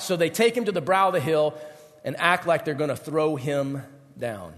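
A man preaching a lively sermon, acting out the voices of the people in the story with big swings in pitch. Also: moderate pace, long reverb tail. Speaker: pastor.

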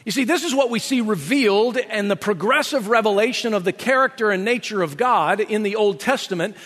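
A man's voice: sits high, a little fast, a bit bright, in a large hall. A male pastor preaching a sermon in a conversational, explanatory way, often checking in with 'right?'.

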